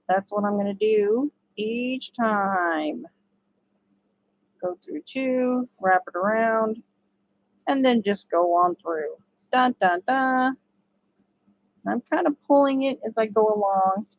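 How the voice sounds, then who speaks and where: A woman's voice: fairly high pitch, lively intonation, takes it slowly, no echo, poor audio. A woman giving a casual step-by-step crochet tutorial, chatty and laughing often. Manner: chatty, laughs often, talks to her dogs.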